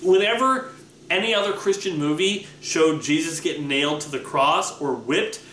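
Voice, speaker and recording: A young man telling stories in a casual chat, animated and full of restarts. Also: normal speed, slight background noise. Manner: animated storytelling, excited rising pitch, many restarts. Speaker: vlogger answering viewer questions. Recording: echoey room with faint ambience.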